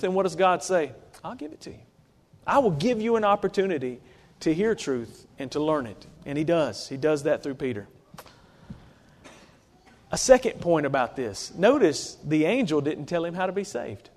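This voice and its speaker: A man's voice: sits high, a little mellow. A male preacher giving a conversational sermon to his congregation, often stopping to ask them rhetorical questions. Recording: long reverb of a large hall.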